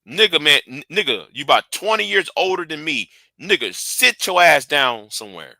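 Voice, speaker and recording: Man, angry livestream rant, very bright sharp voice, dry close sound, profane, stumbling repeats. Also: a little high, sing-song, normal speed, vocal fry, dry recording, low-quality recording. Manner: heated, profane, repeats and restarts words. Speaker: livestream host.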